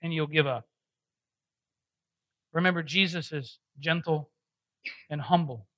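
A man preaching a conversational sermon, telling a personal story in an animated, self-deprecating way with frequent laughter. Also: a little high, unhurried, lo-fi sound. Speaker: pastor.

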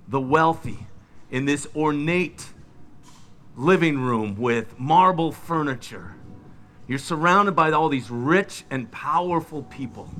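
A middle-aged man preaching a sermon, retelling biblical scenes with lively, dramatic delivery. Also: on the high side. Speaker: pastor.

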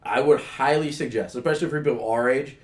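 A man chats casually about sports on a podcast. His voice sits in an ordinary middle pitch, and his talk rambles with fillers and restarts. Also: quick pace, a little mellow. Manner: rambling, filler-heavy, enthusiastic fan. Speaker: podcast co-host.

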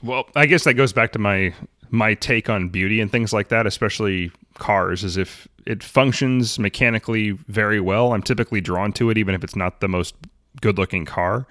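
A man with a low voice shares measured, opinionated takes in a casual car podcast chat. The sound is dry and close, with no room echo. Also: fairly bright tone. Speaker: podcast co-host.

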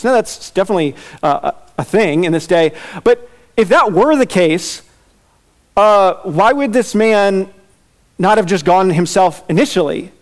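A male pastor preaching an expository sermon in a conversational, animated way, acting out quoted voices and laughing now and then. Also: sits high, moderate pace.

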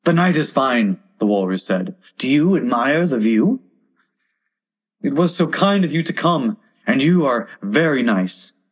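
A man's voice: medium pitch, sing-song, a little slow, slightly rough, pitched above the performer's own voice. A man voicing a sly, sentimental old walrus with a grand, coaxing manner.

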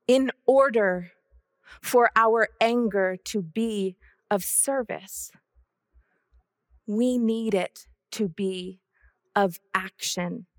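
A woman preaching a sermon with a measured, solemn, repetitive cadence. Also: medium pitch, no room sound, clean studio sound.

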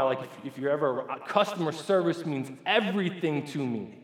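Male pastor telling a story in a sermon, animated with many restarts, in a roomy, echoing space. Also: on the high side, moderate pace, hardly any pauses. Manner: animated, stammering restarts, swings between loud and hushed.

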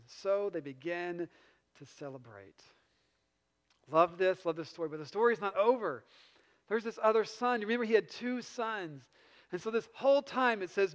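A man preaching a sermon, retelling a story with lively swings between loud passages and quiet asides. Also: high voice, moderate pace. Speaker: pastor. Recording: long reverb in a large hall.

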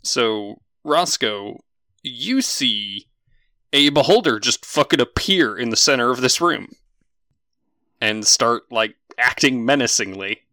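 Lively, bright-voiced male game master. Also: mid-range voice, slow, no echo, clean studio sound. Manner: lively, casual, swears freely. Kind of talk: narrating a tabletop game.

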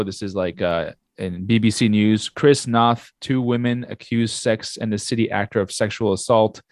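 A man's voice: mid-range voice, no echo, clean studio sound. A man co-hosting a casual podcast, talking in an easygoing way with frequent hesitations and reading news items aloud. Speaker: podcast co-host. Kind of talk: casual chat.

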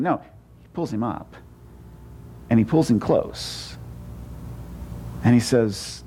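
A pastor preaching a sermon in a conversational way, with frequent stammered restarts and sudden shifts between emphatic and hushed lines. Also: male voice, mid-range voice, sing-song, a little slow, pauses often.

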